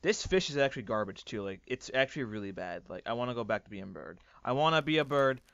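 A man doing excitable, swearing let's play commentary, ranting and often breaking into yells. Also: fairly low pitch, fast talker, gravelly, no echo, dull audio. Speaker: gaming YouTuber.

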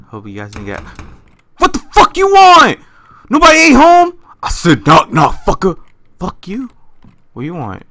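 A young gaming YouTuber plays a horror game at home, commentating in a lowish, sharp-toned voice over slight background noise. He swears a lot, veering from muttering to panicked screaming.

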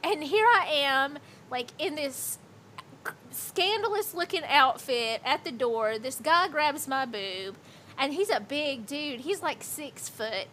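A woman's voice: sits high, expressive, slow pace, sharp tone, a little hiss or hum. A woman in her thirties livestreaming, telling a rambling, profane story with lots of "like" in casual chat.

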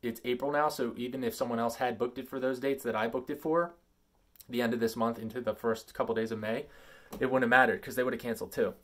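A man talking casually in a vlog, reading out an email and commenting on it, with emphatic loud stresses and quieter asides. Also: quick pace. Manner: animated and emphatic, swinging between loud stresses and low asides. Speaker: vlogger.

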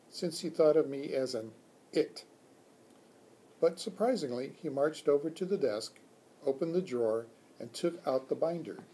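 A man from a school reading a children's book aloud in a calm, measured storytelling manner. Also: medium pitch, husky. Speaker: school staff reader.

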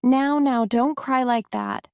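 A woman's voice: high-pitched, fairly even intonation, takes it slowly, clear, resonant tone, no room sound, studio quality, pitched above the performer's own voice. A woman doing a chatty, kindly servant girl. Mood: soothing. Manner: warm, talkative, gently scolding. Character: kind, chatty young country servant girl.

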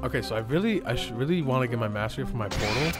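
Excitable young gaming commentator, man. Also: mid-range voice, rapid-fire, over loud music. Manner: excitable, laughs and yelps often. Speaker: gaming YouTuber.

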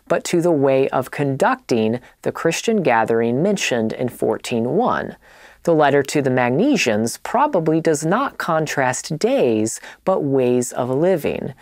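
A woman reading a scripted Bible teaching in a measured, explanatory way. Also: extremely low pitch, dry recording, studio quality.

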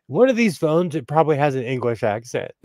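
American man, casual co-host; lively, swooping delivery, dry sound. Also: a little high, no echo. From United States. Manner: animated, joking, laughs a lot. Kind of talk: casual chat.

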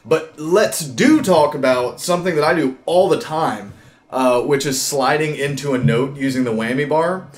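A man's voice: on the high side, moderate pace. A man teaching guitar in a casual, rambling way, full of fillers and restarts. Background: loud electric guitar playing.

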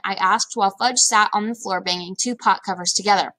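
A woman reading a children's chapter book aloud in a lively, expressive storytelling manner. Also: mid-range voice, brisk. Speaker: read-aloud narrator.

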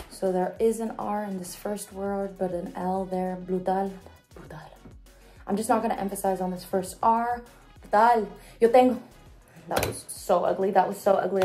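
A young woman with a lowish, warm voice vlogs casually to the camera. As a voice actor, she rehearses audition lines and critiques her own takes.

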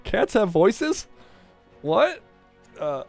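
Animated, jokey let's play host man. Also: high-pitched, extremely slow, creaky, soft background music. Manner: jokey, rambling, swears freely. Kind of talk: casual gameplay commentary.

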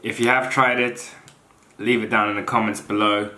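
A man's voice: on the low side, little pitch movement, normal speed, pushed and bright, a little hiss or hum. A man doing a casual taste-test review as a fitness vlogger, blunt and unimpressed, talking through mouthfuls. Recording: roomy echoey room.

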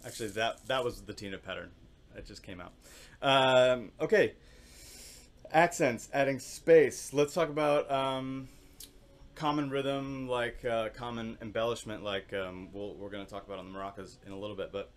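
A man teaching orchestral percussion, explaining calmly with many fillers and singing rhythms on syllables. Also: medium pitch, normal speed. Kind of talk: instructional demonstration.

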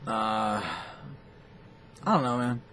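A man's voice: lowish voice, slow pace, slight background noise. A man hosting a boxing talk show, ranting in a profane, rambling and scornful way. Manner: foul-mouthed, animated, scornful.

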